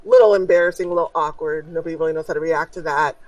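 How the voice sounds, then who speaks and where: A woman's voice: low-pitched, fairly even intonation, rapid-fire, dry recording, distant mic, dull audio. A woman narrating as game master in a tabletop game, in a chatty way.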